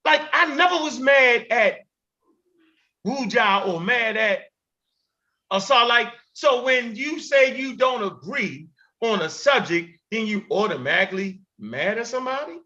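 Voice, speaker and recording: A high, bright-voiced man rants through heated commentary as the host, stacking up repeats and profanity as he presses each point. The sound is dull and lo-fi. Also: unhurried. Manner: animated, repetitive, emphatic and profane. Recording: dull lo-fi recording.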